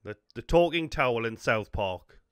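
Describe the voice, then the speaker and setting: A man's voice: mid-range voice, animated, normal speed, fairly bright tone, clean tone, no room sound, clean studio sound. A man with a Geordie accent, giving wry, sarcastic asides while reacting to a cartoon. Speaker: reaction video host. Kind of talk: reaction commentary.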